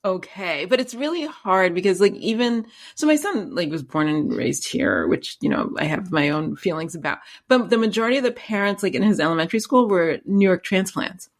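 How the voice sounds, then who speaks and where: A woman's voice: mid-range voice, expressive. Chatty woman hosting a podcast. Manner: chatty, laughs often, quick asides. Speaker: podcast host. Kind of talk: casual conversation.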